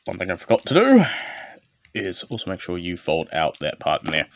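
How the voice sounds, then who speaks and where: A man's voice: low-pitched, wildly swooping pitch, a little fast, noisy background. A man giving a casual, hands-on toy review, calling out short step-by-step moves as he handles the figure. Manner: talks while handling and transforming a toy, short step-by-step instructions. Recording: dull lo-fi, dry.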